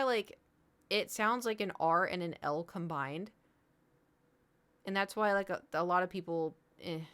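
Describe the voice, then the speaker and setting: A woman's voice: medium pitch, a bit bright, clear, resonant tone. Chatty woman streamer in her thirties. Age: 30s. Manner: chatty, rambling storytelling with frequent laughs. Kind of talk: casual chat to a live stream.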